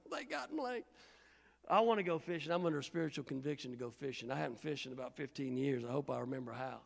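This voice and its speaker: In a church sanctuary, a middle-aged pastor from Indiana preaches, telling stories animatedly and acting out the voices of the people in them. His medium-pitched voice races along with vocal fry, echoing in the large hall.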